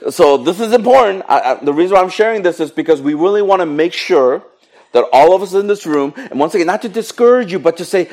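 A middle-aged man preaching a sermon in a lively, joking way with playful asides to the congregation. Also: on the high side, a little fast. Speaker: pastor.

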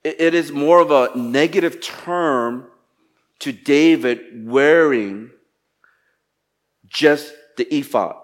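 A man preaching a sermon, reading scripture and explaining it in an animated way, acting out quotes with sarcasm. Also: a little high, takes it slowly, pauses often. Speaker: pastor.

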